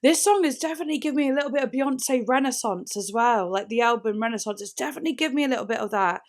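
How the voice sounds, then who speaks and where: A woman with a fairly high voice talks through a music reaction in a casual, excitable way. She rambles, fills her thoughts with "like" and breaks off into gasps. Faint music plays behind her. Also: very fast. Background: faint music playing.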